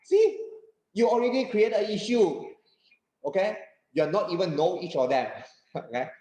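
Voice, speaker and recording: A man with a Malaysian English accent giving a workshop lecture as a trainer, animated, laughing often and checking in with the audience. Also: sits high, normal speed, roomy sound, highs cut off. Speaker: corporate trainer.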